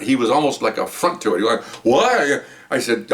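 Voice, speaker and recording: Older male ex-cop storyteller, digressive and chatty, mid pitch, recorded a little off-mic. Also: quick pace, few pauses, recorded from a distance. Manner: rambling, digressive, animated when quoting people. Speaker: retired police officer telling stories. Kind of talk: casual storytelling monologue.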